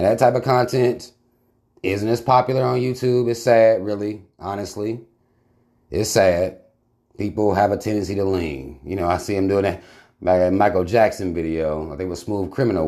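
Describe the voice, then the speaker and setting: A man's voice: fairly low pitch, moderate pace, warm tone. A man hosting his channel, talking bluntly in casual commentary with heavy swearing. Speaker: channel host reacting to a video.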